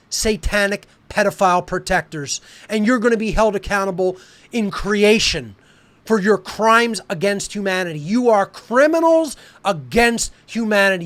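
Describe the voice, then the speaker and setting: A male podcast host delivering an angry, profane monologue, hurling repeated insults and shouting at times. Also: high-pitched.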